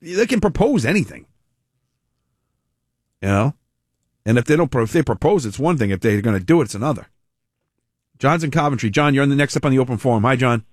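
A man's voice: medium pitch, expressive, racing, no room sound, studio quality. A man hosting a call-in radio talk show, blunt and opinionated.

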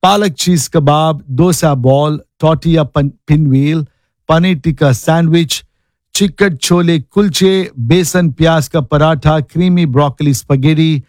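A man's voice: a little high, measured pace, a little mellow, dry recording. Upbeat radio host man, dry studio sound. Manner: upbeat, repeats the call-in number. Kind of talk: radio call-in hosting and ad reads.

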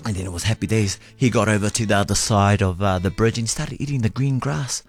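A man co-hosting a casual chat, telling a story in an animated way, laughing often. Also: fairly low pitch, a little fast, soft background music.

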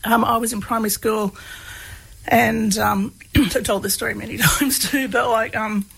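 A woman tells a personal story in a relaxed, halting way, pausing often on fillers. Her voice sits a little high, with a husky, gravelly texture. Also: poor audio. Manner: hesitant, many fillers, laughs while telling. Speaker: guest, researcher of comedy.

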